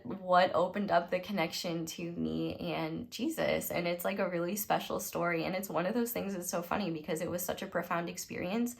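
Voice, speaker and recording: A young woman in her twenties telling a casual storytime to her viewers, rambling, cutting herself off and laughing often, with sudden loud bursts. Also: on the low side, creaky. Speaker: tarot reader.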